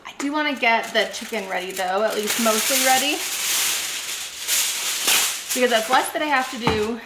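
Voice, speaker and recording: A woman's voice: fairly high pitch, normal speed, reverberant, heavy background noise. A woman vlogging as she cooks at home, chatting casually and talking herself through each step. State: out of breath. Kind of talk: casual cooking narration. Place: home kitchen.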